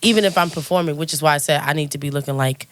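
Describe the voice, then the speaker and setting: A young adult woman telling stories in a casual interview, chatty and animated, laughing often. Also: low voice, racing. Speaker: guest singer. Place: recording studio.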